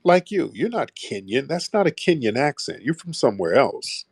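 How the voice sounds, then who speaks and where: A man's voice: mid-range voice, sing-song, moderate pace, slightly rough, dry recording. A man hosting a call-in show, blunt and mocking toward callers, often repeating himself. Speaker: host taking callers. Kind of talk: combative call-in talk.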